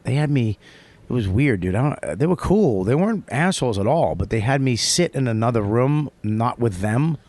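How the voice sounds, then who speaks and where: A man hosting a casual podcast, telling a story with heavy swearing and lively retellings. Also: mid-range voice, normal speed. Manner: profane, rambling, animated when retelling. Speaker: podcast host.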